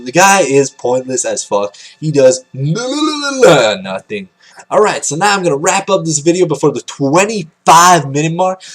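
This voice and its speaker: A young man hosting a casual anime review vlog, rambling with crude jokes and lots of filler words. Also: medium pitch. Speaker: vlogger ranking anime.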